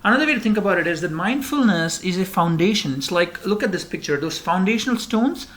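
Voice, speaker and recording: A man's voice: high voice, animated, fast, a bit bright. A man giving a recorded slide lecture, rambling with many fillers and restarts.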